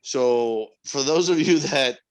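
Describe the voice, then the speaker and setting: Here a male podcast co-host talks slowly, his pitch sitting in the middle range. The casual chat turns into an exasperated work story full of swearing, and his voice shoots up in disbelief, nearly reaching a shout.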